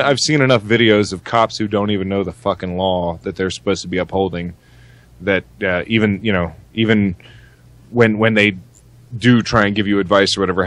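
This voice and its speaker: A man's voice: low-pitched, fairly bright tone, no echo. A man co-hosting a podcast, talking casually in a rambling way with heavy swearing and many restarts. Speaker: podcast co-host. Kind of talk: casual chat.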